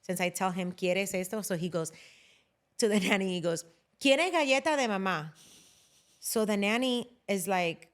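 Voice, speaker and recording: A woman in her thirties chatting as a podcast guest, an animated storyteller who swears casually and drops Spanish words into her English. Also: mid-range voice, moderate pace.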